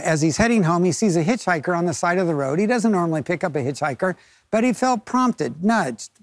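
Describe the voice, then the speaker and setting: A man with a fairly high voice preaches a sermon as a lively storyteller. He acts out the people in his story and laughs along with it. The sound is dry and close. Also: no room sound. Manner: chuckles while telling the story. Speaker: pastor.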